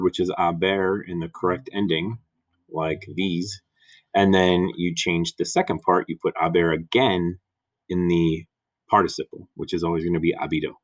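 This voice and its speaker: A man teaching Spanish grammar in a recorded lesson, patiently repeating and spelling out examples. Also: low-pitched.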